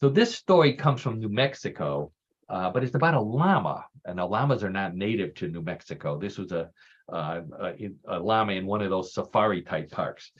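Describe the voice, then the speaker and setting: A man's voice: low-pitched, expressive, moderate pace, breathy edge, muffled recording. Jokey man hosting a radio show. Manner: jokey storyteller, groan-worthy puns. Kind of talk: casual radio talk show chat.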